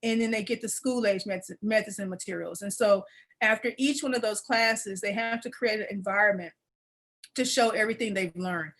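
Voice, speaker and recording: A woman presenting an adult education program on a video call, teary and warm as she repeats phrases and laughs. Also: mid-range voice, fairly quick, poor audio. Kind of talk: webinar presentation.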